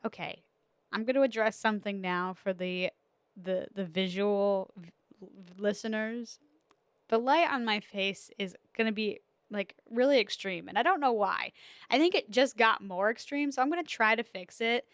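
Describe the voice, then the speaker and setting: A woman's voice: medium pitch, normal speed, smooth, no echo. A young woman hosting a podcast, telling stories in casual chat with lots of laughs and fillers. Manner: chatty storytelling with frequent laughs and fillers. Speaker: podcast host.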